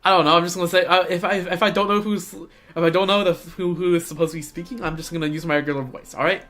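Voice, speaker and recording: A woman's voice: fairly low pitch, fairly even intonation, quick pace, fairly bright tone, faint music behind. A woman chatting casually and joking while playing through a game. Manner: chatty, joking, talks to herself. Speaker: game streamer. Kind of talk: casual gameplay commentary.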